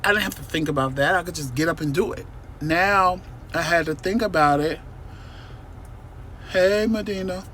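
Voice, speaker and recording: A man's voice: on the high side, moderate pace, long pauses, slight background noise. A man telling a personal story to his viewers in a casual, emphatic vlog from a parked car. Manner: animated, emphatic, talks to viewers directly. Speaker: vlogger.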